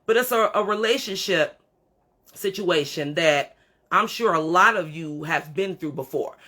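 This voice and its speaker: A woman's voice: fairly low pitch, animated, measured pace, fairly bright tone. A middle-aged woman hosting a livestream, talking bluntly and with lots of swearing as she lectures her viewers straight to camera. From Creole background. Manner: blunt, profane, preachy, talks straight to viewers. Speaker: livestream host. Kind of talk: unscripted livestream rant.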